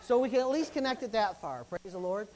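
A man's voice: fairly quick, low-quality recording. Man preaching, emphatic and swinging. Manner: emphatic, repetitive preaching with frequent interjections; lively, swinging between loud bursts and low asides. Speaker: pastor. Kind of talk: sermon.

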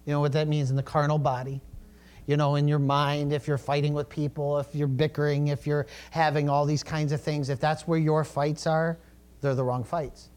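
Middle-aged male pastor, relaxed storytelling preacher, voice a touch high. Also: moderate pace. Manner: conversational storytelling preaching with asides. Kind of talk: sermon.

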